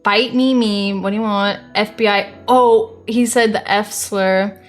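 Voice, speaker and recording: A woman's voice: medium pitch, fairly even intonation, soft background music. A young American woman streamer reading viewer messages aloud in a blunt, exasperated way. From United States. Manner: blunt and exasperated, quick to deny.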